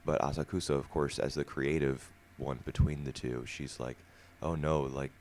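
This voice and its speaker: Man, extremely low voice, podcast co-host, casual discussion, explains at length. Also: steady tone, normal speed, darkish tone, a little hiss or hum. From United States.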